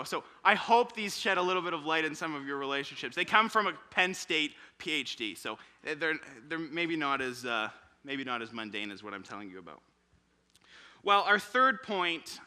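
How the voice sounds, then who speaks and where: A man's voice: on the high side, normal speed. A young man in his twenties preaching a sermon in church, telling stories and acting out quotes with energy. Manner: animated storytelling with acted quotes.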